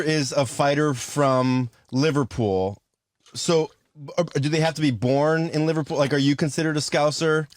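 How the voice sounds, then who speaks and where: A man co-hosting a podcast, asking relaxed, curious questions. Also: a little high, moderate pace. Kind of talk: casual podcast chat.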